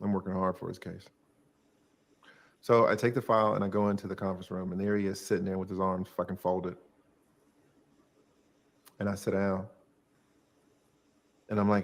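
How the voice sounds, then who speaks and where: A middle-aged man, a former lawyer, casually telling a profane, animated story from his law practice. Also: deep voice, normal speed, pauses often.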